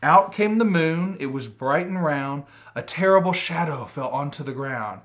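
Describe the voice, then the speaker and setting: Man reading a rhyming kids book, lively up and down, bit high. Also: normal speed, few pauses. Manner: rhythmic, expressive rhyming delivery. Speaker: storybook reader. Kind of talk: reading a picture book aloud.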